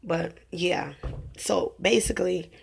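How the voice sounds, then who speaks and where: A woman's voice: on the low side, slow, creaky, a little hiss or hum. A young woman talking casually about faith and her children's dreams, rambling with many fillers and restarts and laughing at her own jokes. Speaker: religious vlogger. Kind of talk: casual preaching monologue.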